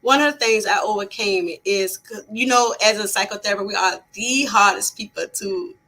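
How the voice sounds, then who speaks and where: A woman's voice: mid-range voice, sharp tone, poor audio. A woman psychotherapist talking as a guest in a casual interview, earnest, with frequent restarts and repeated words.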